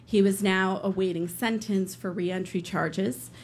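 A woman's voice: mid-range voice, fairly even intonation, measured pace, a little hiss or hum. A woman telling a personal story live on stage, earnest, with some hesitant fillers.

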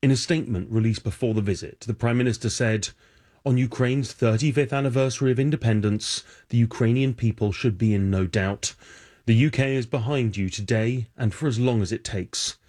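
A man reading the news in a steady, formal way. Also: medium pitch, brisk. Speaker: newsreader.

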